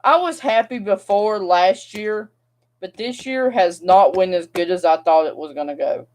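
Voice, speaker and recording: A woman's voice: mid-range voice, normal speed, darkish tone. A young woman, venting to camera in a casual, rambling vlog rant. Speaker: vlogger.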